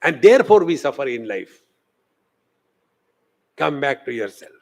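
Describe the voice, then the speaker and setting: Speaking a little slowly in a mid-range voice, a man with an Indian English accent gives a swami's spiritual discourse in a lecture hall. His storytelling is animated, and he acts out the voices of the people he describes.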